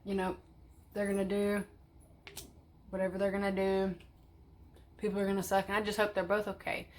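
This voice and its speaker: A woman's voice: mid-range voice, completely flat delivery, moderate pace, darkish tone, a little hiss or hum. A woman vlogging in casual chat, blunt and chatty, swearing freely. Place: parked car.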